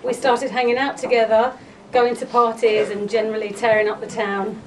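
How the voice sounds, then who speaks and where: A woman's voice: a little high, little pitch movement, normal speed. A woman, giving a heartfelt memorial eulogy for a close friend. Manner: fond, heartfelt, chuckling between lines. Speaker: eulogy speaker, friend of the family. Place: memorial gathering room. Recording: distant mic with background noise at a memorial gathering.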